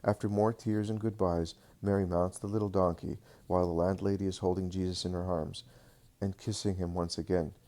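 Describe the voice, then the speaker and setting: Deep-voiced man narrating a devotional text. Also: level tone, warm tone. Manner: slow, earnest reading with small slips.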